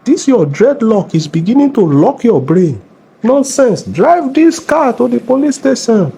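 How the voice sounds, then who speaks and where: A man's voice: very high voice, very animated, unhurried, vocal fry, dark tone, breathy edge, heavily acted. A man with a Nigerian accent playing a bossy, mocking middle-aged police officer in a comedy skit. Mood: scolding. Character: bullying middle-aged male traffic cop.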